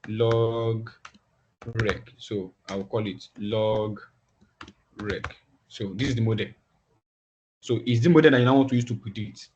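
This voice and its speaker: A man teaching a class online, talking in halting phrases and often repeating words as he thinks aloud. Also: on the low side, noisy background. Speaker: instructor. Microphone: video call. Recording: dull lo-fi video call audio.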